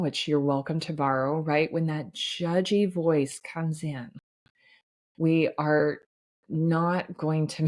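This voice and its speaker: A woman's voice: low voice, darkish tone. A woman hosting a solo podcast as a life coach, talking in an earnest, reassuring way with frequent "right?" asides.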